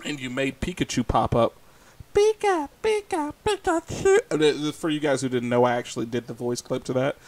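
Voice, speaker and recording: A man's voice: mid-range voice, steady tone, fast talker, few pauses. A man chatting casually on a livestream, reading chat and teasing, laughing often.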